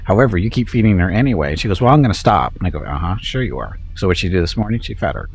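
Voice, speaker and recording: A man's voice: deep voice, sing-song, rapid-fire. A man streaming a strategy game, telling a rambling home story with frequent chuckles, then talking through his moves. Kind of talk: casual gameplay chat.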